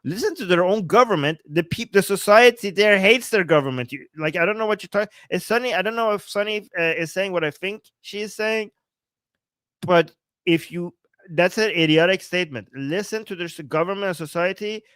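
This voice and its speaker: A man from Iran, hosting a live-streamed political commentary, reading chat aloud with a sarcastic, animated manner and frequent laughs. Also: sits high, fairly quick, clean tone, no room sound. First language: Persian. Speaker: political commentator and livestream host.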